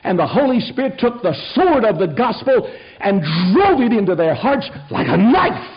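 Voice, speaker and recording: An older man preaching a sermon in a fiery, folksy way, rising to shouted peaks. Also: very high voice, very animated, moderate pace, breathy edge, dull audio. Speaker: pastor.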